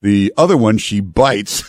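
A male radio talk show host chatting casually and reading ads live in a studio, unhurried and full of filler uhs. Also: on the low side, lively intonation, darkish tone, dry recording.

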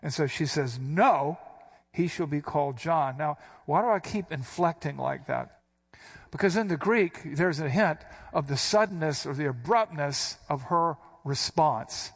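A man's voice: a little high, lively intonation, measured pace, gravelly, slightly rough. A man preaching an expository sermon who explains Greek words and gives quoted speech a sudden, emphatic punch.

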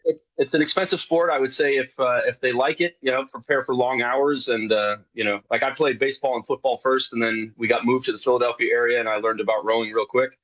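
A man's voice: mid-range voice, fairly even intonation, quick pace, few pauses, no room sound. Guy from new york, talks loose with lots of uhs, sounds kinda muffled and dry. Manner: rambling, many fillers and restarts. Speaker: guest, show co-host. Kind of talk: casual radio interview.

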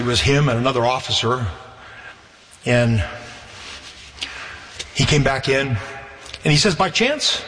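A man preaching a testimony sermon to a church, repeating words and rising in pitch when he preaches. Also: bright, forceful tone, roomy sound, long reverb tail.

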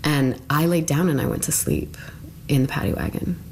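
A woman in her thirties recounting a personal ordeal in an interview, halting and full of "like". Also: deep voice, sing-song, gravelly, darkish tone, a little hiss or hum. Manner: halting, lots of "like", quoting others in small voices.

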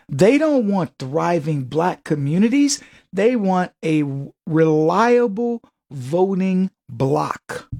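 A man hosting a radio talk show, delivering an emphatic, mocking political monologue and chuckling at his own jokes. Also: sits high.

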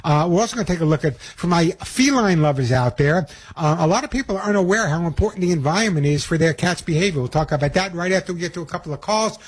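A middle-aged man with a New York accent hosts a call-in pet radio show. His husky, slightly high voice rolls along in an upbeat, chatty way full of restarts and asides. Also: animated, fast, few pauses.

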